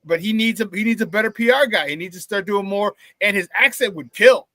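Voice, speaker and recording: A man hosting a sports talk show, talking excitedly and casually with many restarts and repeated phrases. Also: high-pitched, brisk, no room sound. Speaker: sports radio host.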